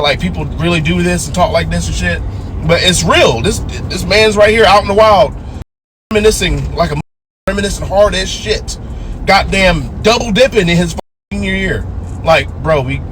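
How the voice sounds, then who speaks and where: A man in his twenties telling a story in a casual, profane way, acting out the voices of the people he quotes. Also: on the high side. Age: 20s. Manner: animated, acts out quoted voices. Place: in a car. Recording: noisy car with traffic outside. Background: vehicle and street noise.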